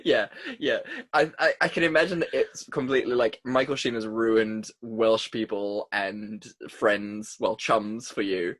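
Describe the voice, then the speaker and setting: A man's voice: lowish voice, unhurried, hardly any pauses, dry recording. Swearing, laughing young man chatting. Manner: excitable, swears often, laughs a lot. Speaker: podcast co-host. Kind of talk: casual chat.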